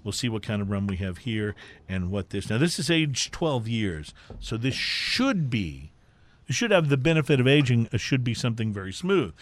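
A man hosting a radio show in a studio, chatting casually through a tasting with many fillers and pauses. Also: medium pitch, no echo. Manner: animated, halting with many fillers. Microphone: studio microphone.

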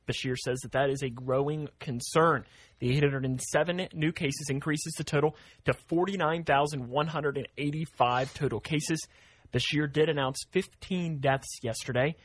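A man's voice: fairly high pitch, moderate pace, husky. Man hosting morning radio. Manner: relaxed, reads news and weather plainly. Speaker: morning radio show host. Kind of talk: casual morning show chat and news reading.

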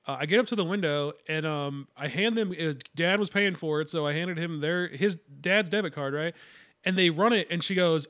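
A young man in casual chat, telling long rambling anecdotes at a rapid clip. His voice is notably high for a man. The recording is dry and close. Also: fairly bright tone, no echo. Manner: rambling anecdotes full of fillers and restarts.

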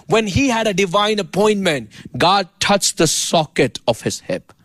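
A man preaching a sermon with impassioned, animated delivery and playful asides to his congregation. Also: sits high, unhurried, dry recording, clean studio sound. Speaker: pastor.

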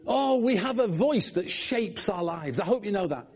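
A middle-aged man, preaching and praying with animated, humorous storytelling in a church. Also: high voice, normal speed, breathy edge. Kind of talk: sermon.

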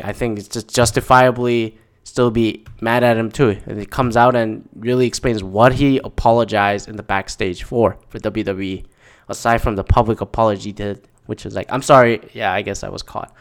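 Exasperated ranting man, smooth voice. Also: medium pitch. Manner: exasperated, profane, rambling with frequent restarts. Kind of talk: casual ranting monologue.

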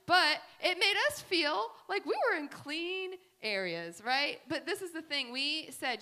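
Bright-voiced woman telling animated stories. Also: sits high, normal speed, few pauses. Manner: animated, chatty storytelling with many fillers. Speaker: speaker at a faith gathering. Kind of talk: faith talk with personal stories and slides.

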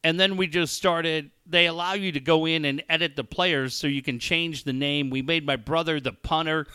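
Bright crisp-voiced man telling stories. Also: fairly high pitch, moderate pace, dry recording, studio quality. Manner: storytelling with animated quoted dialogue. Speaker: radio show host. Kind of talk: casual chat.

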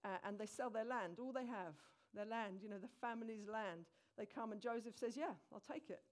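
With a voice on the high side and a fairly quick pace, a woman addresses the congregation directly, retelling a scripture story as a lively, conversational sermon.

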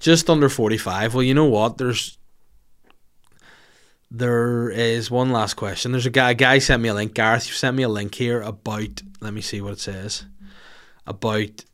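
A man's voice: mid-range voice, fairly even intonation, moderate pace, fairly bright tone. Blunt, swearing podcast host, a man. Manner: blunt, jokey and profane. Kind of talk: casual podcast chat answering listener questions.

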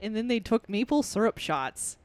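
A woman's voice: a little high, expressive, moderate pace, a little mellow, no room sound. A young woman co-hosting a podcast, chatting casually, laughing often and playfully agreeing. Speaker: podcast co-host. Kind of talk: casual chat reviewing a dating show.

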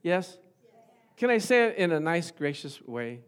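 A middle-aged male pastor preaching a sermon to his congregation, chuckling at times and building to loud, fervent passages of scripture. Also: fairly high pitch, very animated, moderate pace, smooth. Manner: chuckles often, talks to the congregation.

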